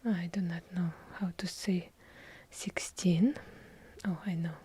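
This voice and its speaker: A woman with a heavy Russian accent doing whispered ASMR, with dry, deadpan joking asides. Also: fairly low pitch, normal speed, slight background noise. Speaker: ASMR creator. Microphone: handheld recorder up close.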